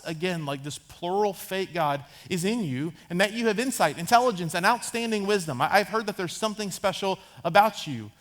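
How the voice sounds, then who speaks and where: A man's voice: high-pitched, animated, a little fast, few pauses, a bit bright. A man in his thirties preaching a sermon as a pastor, conversational, acting out Bible characters in casual asides. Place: church sanctuary.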